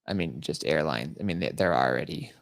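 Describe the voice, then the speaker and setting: A man's voice: rumbling low, fairly quick, gravelly, no echo, clean studio sound. A man co-hosting a podcast, telling stories in a mocking, laughing way during a casual chat. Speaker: podcast co-host.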